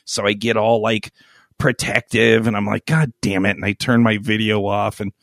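A man's voice: lowish voice, little pitch movement, moderate pace, vocal fry, fairly bright tone, no echo, clean studio sound. A man co-hosting a crude podcast, telling a rambling, profane story full of fillers. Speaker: podcast co-host. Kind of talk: crude casual podcast banter.

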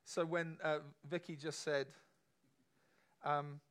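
A man's voice: fairly high pitch, level tone, takes it slowly, fairly bright tone. A man preaching a sermon to a congregation in a conversational, emphatic way, often asking the room questions.

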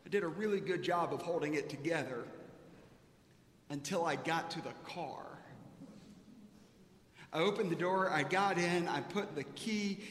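A man's voice: on the high side, measured pace, long pauses, fairly bright tone, slight background noise. A male pastor preaching a sermon and telling a personal story, acting out the voices of the people he quotes. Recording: echoey hall with faint ambience.

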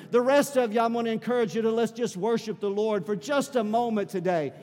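A man's voice: high voice, brisk, hardly any pauses, darkish tone. A man preaching a Sunday sermon as pastor to his church, building to fervent exhortation. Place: church sanctuary. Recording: long hall reverb.

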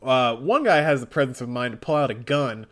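A man's voice: mid-range voice, lively intonation, a little fast. A man co-hosting a casual comic read-through, narrating with wry, laughing commentary. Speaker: podcast co-host.

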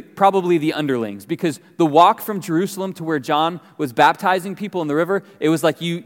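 Man preaching in a reverberant hall. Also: on the high side. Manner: conversational preaching, animated storytelling. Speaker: pastor. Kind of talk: sermon. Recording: long reverb of a large hall.

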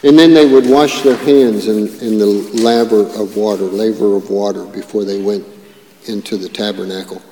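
A man preaching a sermon as pastor, animated and full of rhetorical questions and asides. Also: lowish voice, normal speed. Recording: echoey hall with long reverb.

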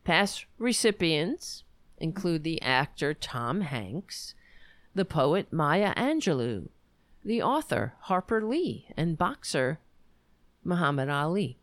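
Slow, sarcastic American woman reading news. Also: low-pitched, big pitch swings, no echo. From United States. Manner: sarcastic asides, stumbles over words, talks to her dog. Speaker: vlogger reading a news article aloud. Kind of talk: casual commentary reading aloud.

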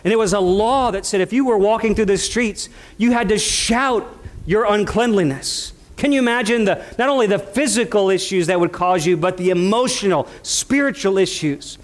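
A man. He leans on repetition and stretches out quoted words for weight, moving between conversational asides and fervent preaching. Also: sits high. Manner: impassioned preaching with repeated phrases and drawn-out quotes. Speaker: pastor. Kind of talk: sermon.

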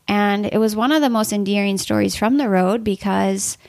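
A woman guest on a podcast, telling animated, conversational stories with lots of "like" fillers. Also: mid-range voice, moderate pace, creaky, no echo, clean studio sound. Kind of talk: conversational storytelling.

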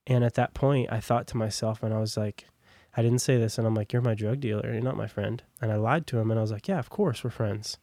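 A man's voice: lowish voice, fairly even intonation, fast talker, mellow, no echo. A young man telling his personal testimony as a podcast guest, in a casual, rambling way full of fillers. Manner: casual, rambling, heavy on "like" and "long story short".

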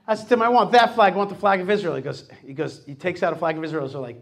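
A middle-aged man hosting a talk show, telling stories in a lively, animated way and acting out what people said to him. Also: on the high side, fast. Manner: animated storytelling, acts out quotes. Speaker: host. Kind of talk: casual radio talk.

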